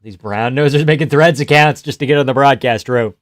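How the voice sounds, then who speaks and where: A man calls a fight live on a stream, cracking profane jokes, laughing often and shouting at big shots. His voice sits at an ordinary middle pitch, and it sounds dry and close, with almost no room around it. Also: brisk, no room sound. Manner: reacts loudly to big shots. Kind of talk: casual live fight reaction commentary.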